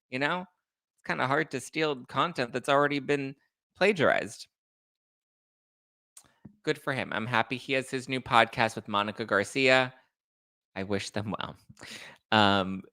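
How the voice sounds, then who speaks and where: A man hosting a casual livestream and reading chat comments, sassy and quick to get fired up, with bursts of loud outrage. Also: medium pitch, no echo. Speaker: podcast host reading live chat.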